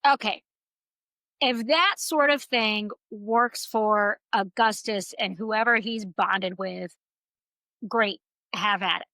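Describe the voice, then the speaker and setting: A woman co-hosting a book podcast in casual chat, an animated storyteller who swears freely. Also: medium pitch, slow, dry recording, poor audio. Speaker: podcast co-host.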